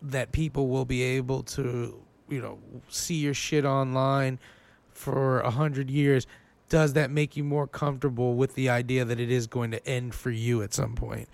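A man's voice: medium pitch, little pitch movement, a little slow, gravelly, no echo. A man co-hosting a podcast, asking thoughtful, probing questions in a casual way. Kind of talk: casual chat.

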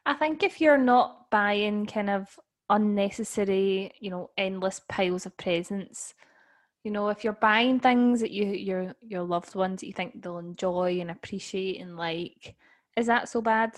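A woman's voice: mid-range voice, a little slow. A young woman co-hosting a podcast over a video call, teasing and laughing often. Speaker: podcast co-host. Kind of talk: casual chat.

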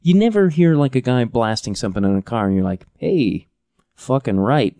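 A man in his thirties hosts a comedic podcast monologue, griping about everyday annoyances in a profane, rambling way. His voice is mellow and relaxed, recorded dry and close with no room sound. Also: medium pitch, quick pace, clean tone, no echo. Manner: profane, exasperated, rambling with restarts. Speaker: podcast host.

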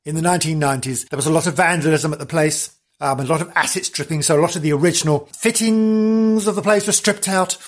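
A man's voice: on the high side, fast, few pauses. A man hosting a podcast, telling a comic history story in a theatrical, gushing way full of exclamations and jokes. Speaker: podcast host.

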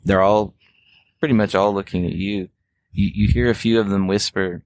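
A man narrating a tabletop game as game master, describing the scene calmly. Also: on the low side, normal speed.

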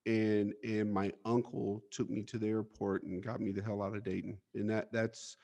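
A man's voice: on the low side, flat delivery, moderate pace, vocal fry, a little mellow. A man as an interview guest, telling his life story bluntly, with swearing and stammered restarts.

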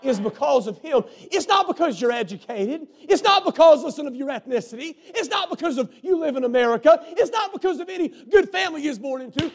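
A man preaching a sermon, swinging between hushed, intimate lines and fervent shouts. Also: extremely high pitch, expressive, fairly quick, few pauses.

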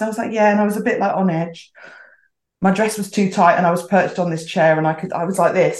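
A woman's voice: mid-range voice, lively intonation, fast talker. A middle-aged woman telling a story casually as a podcast guest, chatty and acting out the voices she quotes. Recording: roomy echoey sound.

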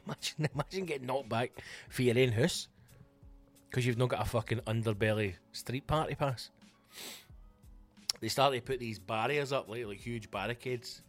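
A man's voice: mid-range voice, normal speed, pauses often, soft background music. A Scottish man hosting his own comedy podcast, ranting casually and swearing a lot. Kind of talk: casual solo rant.

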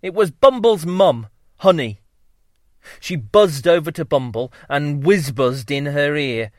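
Slow, lively man telling a bedtime story. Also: on the high side, dry recording, studio quality. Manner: lively, playful, drawn-out delivery. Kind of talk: children's story narration.

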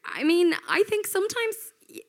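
A woman's voice: very high-pitched, expressive, moderate pace. A woman, a radio presenter, chatting casually as a guest on a live podcast and laughing often. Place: live podcast on a venue stage.

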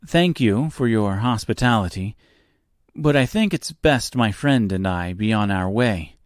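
A man's voice: fairly low pitch, animated, unhurried, no echo, studio quality. A man voicing a nervous, polite young woman traveler in an audiobook reading, speaking hesitantly.

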